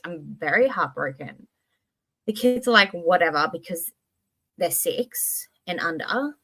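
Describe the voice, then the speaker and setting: A slightly high-voiced woman runs a casual livestream, wandering expressively between thoughts. Every so often she swears offhandedly or reads a comment from her chat.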